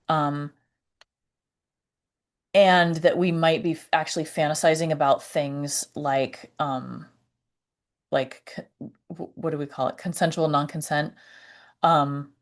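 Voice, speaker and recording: Woman, vlogger, slow, halting, lower voice, personal reflective talk. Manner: halting, searching for words, frequent fillers and restarts.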